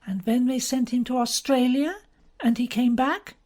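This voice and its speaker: A woman's voice: high voice, normal speed, mellow, pitched above the performer's own voice. A woman voicing a bored, drawling young upper-class woman in an audiobook. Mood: teasing. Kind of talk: audiobook character reading.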